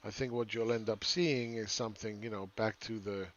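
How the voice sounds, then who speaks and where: A man's voice: on the low side, fairly even intonation, normal speed, fairly bright tone, lo-fi sound. A man giving casual, rambling live chart commentary as a market analyst, often asking "right?".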